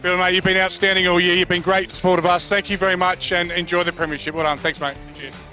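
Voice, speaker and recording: Fast, bright Australian sideline interviewer. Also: male voice, high-pitched, flat delivery, soft background music. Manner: jokey, upbeat banter. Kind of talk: post-match interview.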